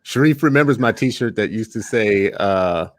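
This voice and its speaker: A man's voice: fairly low pitch, animated, normal speed, dry recording, clean studio sound. A man hosting a casual interview, asking thoughtful questions with a hesitant, searching manner. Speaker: host.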